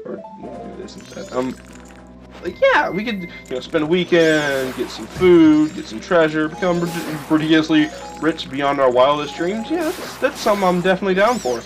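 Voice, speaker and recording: A young man hosting a game playthrough, rambling and joking with sudden excited yelps. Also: on the high side. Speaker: let's play host. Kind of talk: casual gameplay commentary. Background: faint video game music.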